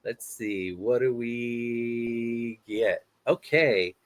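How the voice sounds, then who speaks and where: A man hosting a casual interview, animated and jokey. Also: medium pitch, extremely slow, dry recording. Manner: animated, jokey, laughs often. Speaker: host.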